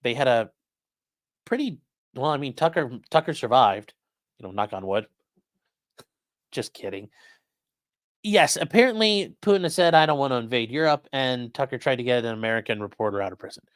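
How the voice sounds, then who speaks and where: With a mid-range, animated voice and a slightly fast pace, the male host of a legal commentary livestream talks casually through viewer comments. He leans on fillers and keeps repeating phrases in a loose, chatty style. The audio is clean studio quality without echo.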